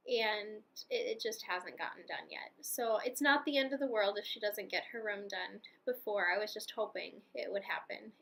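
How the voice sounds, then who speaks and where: Bright-toned chatty young pregnant woman. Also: mid-range voice. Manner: chatty, rambling, frequent fillers and laughs. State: heavily pregnant. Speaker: vlogger. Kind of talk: casual pregnancy vlog chat.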